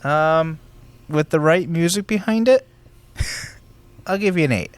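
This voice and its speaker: A man's voice: fairly high pitch, takes it slowly, smooth, no echo. A man co-hosting a casual podcast, joking around and starting a story of his own. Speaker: podcast co-host. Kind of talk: casual chat.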